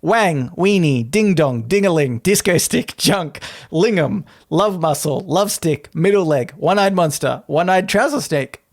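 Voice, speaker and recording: Giggly man, lively pitch. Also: measured pace. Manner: giggly, breaks into frequent laughter. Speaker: podcast co-host. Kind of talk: casual comedic chat, reading a list aloud.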